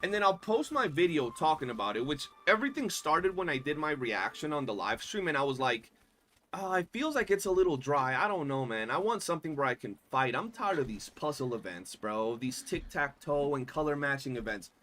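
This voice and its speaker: Slangy young man streaming with bright voice. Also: a little high, brisk, a little hiss or hum. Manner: animated, swears a lot, slangy. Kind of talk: casual gaming livestream chat.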